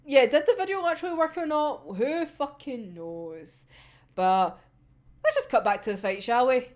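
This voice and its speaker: A woman with a Scottish accent casually talking through an anime episode, animated and laughing often, with plenty of swearing. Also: sits high, normal speed. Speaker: anime reviewer.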